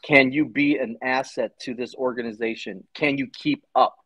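A man's voice: medium pitch, fairly even intonation, moderate pace, sharp tone, slightly rough, dry recording, low-quality recording. A man in his forties, a former Army Ranger, telling his story in a casual interview, blunt and swearing freely. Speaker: podcast guest, Army Ranger veteran.

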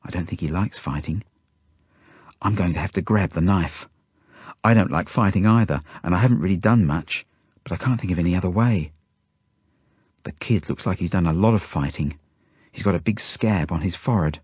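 A man reading a children's novel aloud in the first person, expressive and sometimes dropping to hushed tones. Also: low voice, normal speed, pauses often, slightly rough, dry recording, studio quality. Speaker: audiobook reader. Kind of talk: first-person storybook narration.

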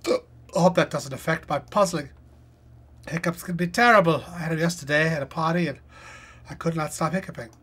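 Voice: medium pitch, brisk, long pauses, fairly bright tone, husky. A live-stream host chatting casually and reading puzzle clues aloud as they think, with lots of fillers. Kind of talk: casual live-stream commentary while solving a crossword.

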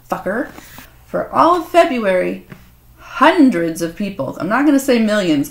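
A woman host swearing and joking crudely in a casual unboxing vlog. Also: medium pitch. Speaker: author and video host. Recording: echoey room.

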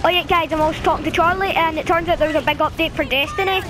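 High-voiced woman chatting over gameplay. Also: rapid-fire. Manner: chatty, chants repeated commands at the game. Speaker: gaming channel host. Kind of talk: casual gameplay commentary. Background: game music.

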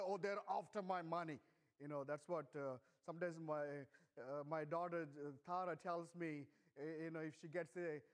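A middle-aged man preaching a sermon in church, earnest and emphatic, speaking slowly and deliberately. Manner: earnest, emphatic, stresses key words with rising pitch.

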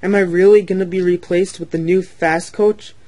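Old Slow Coach, a man playing a meek old coach. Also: high voice, fairly even intonation, a little mellow, voice pushed up. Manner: meek and plaintive. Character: old, worn, gentle female railway coach.

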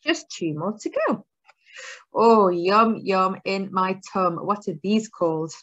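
Slow, sing-song woman teaching phonics. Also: mid-range voice, lively intonation, fairly bright tone, lo-fi sound. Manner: slow, sing-song, encouraging teacher talk with drawn-out words. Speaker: early years teacher. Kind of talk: phonics lesson for young children.

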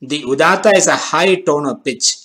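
A man giving a scripted lesson as teacher, speaking in a measured, deliberate way and slowing down on key terms. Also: on the high side, a bit bright, low-quality recording. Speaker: language teacher.

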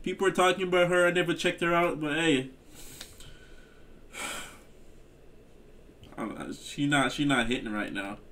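A man's voice: on the high side, fairly even intonation, normal speed, pauses often, a bit bright, slight background noise. A man hosting a reaction video, chatting casually to his viewers and often repeating himself.

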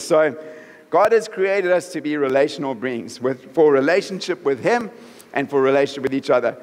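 A man's voice: fairly high pitch, animated, fast. Man preaching in a reverberant hall. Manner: conversational, checks in often with the congregation. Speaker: pastor. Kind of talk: sermon. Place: church hall.

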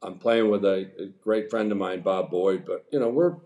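A man's voice: sits low, normal speed, lo-fi sound. Man in his sixties telling rambling stories. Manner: rambling, animated anecdotes with chuckles. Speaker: guest, former pro golfer. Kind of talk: casual storytelling interview. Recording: echoey room.

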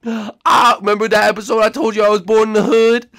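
A man voicing a cocky young boy superhero in a toy game show, loud and whiny. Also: sits high, flat delivery, fairly quick. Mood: brash.

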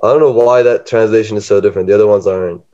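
A man's voice: on the low side, steady tone, racing, dark tone. A man co-hosting a casual podcast about poetry, playful, laughing often and drawing words out. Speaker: podcast co-host. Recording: dull lo-fi podcast audio.

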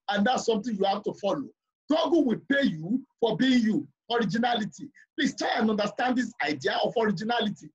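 A man's voice: high-pitched, breathy edge, lo-fi sound. A man teaching a live class, emphatic, repeating his points and often asking the learners if they follow. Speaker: lecturer.

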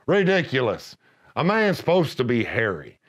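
A middle-aged man narrating scripted comedy with gruff, deadpan macho pronouncements. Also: medium pitch, normal speed.

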